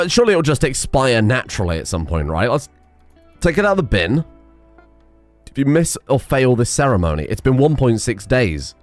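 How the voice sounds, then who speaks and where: Animated, sarcastic man with a dry close mic. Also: mid-range voice, dry recording. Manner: animated, sarcastic, swears, frequent laughter. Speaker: gaming video creator. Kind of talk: casual gameplay commentary.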